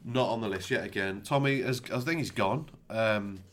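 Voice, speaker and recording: A man's voice: on the low side, moderate pace, fairly bright tone. A man co-hosting a casual podcast chat, dry and matter-of-fact. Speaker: podcast co-host.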